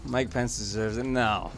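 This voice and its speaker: A man's voice: medium pitch, steady tone, takes it slowly, vocal fry, over music. A man streaming a game, ranting casually to his chat in a heated, profane way and chuckling between sentences.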